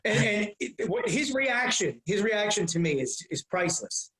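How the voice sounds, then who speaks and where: A man in his fifties, a comedian guest telling rambling, animated stories in a casual interview. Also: sits high, moderate pace, reverberant, poor audio.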